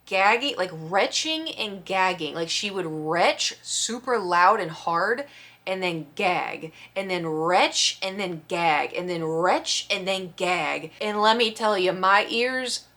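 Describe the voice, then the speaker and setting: A woman vlogger telling a story in casual chat, expressive and acting out the quotes. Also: lowish voice, slow pace. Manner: chatty, expressive storyteller who acts out quotes.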